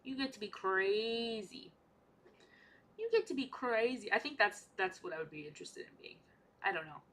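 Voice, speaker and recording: Chatty young woman, bright animated voice. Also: mid-range voice, moderate pace. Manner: chatty, repeats her own lines. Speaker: art vlogger. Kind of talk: casual chat while painting miniatures.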